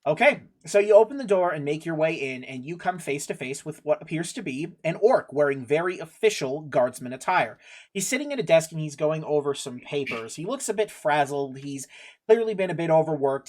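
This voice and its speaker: A man's voice: a little high, lively intonation, moderate pace. A man narrating as game master of a tabletop game, rambling and laughing at himself. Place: home recording for a livestream.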